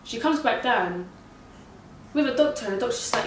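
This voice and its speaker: A young woman, casually retelling a story in an animated, slangy way full of swearing. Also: a little high, brisk, slight background noise. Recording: echoey room heard from a distance.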